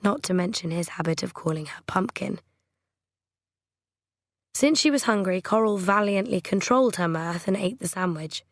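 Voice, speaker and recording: A woman narrates a novel in a measured, gently wry way. Her voice sits at a middle pitch. The recording is dry, with no room sound. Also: lively intonation, no room sound. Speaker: audiobook narrator. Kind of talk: scripted narration.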